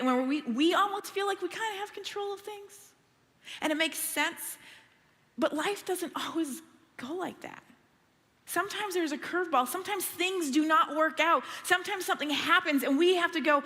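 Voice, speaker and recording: A middle-aged woman preaching a sermon in a church, telling stories in a lively, conversational way. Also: high-pitched, normal speed, in a large hall. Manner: animated, conversational storytelling.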